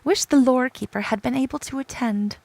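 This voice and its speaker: Woman reading a spirited young princess, earnest, fretful, gravelly slightly high voice, game dialogue. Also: a little fast, a little mellow. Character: spirited young Scottish princess, proud and caring.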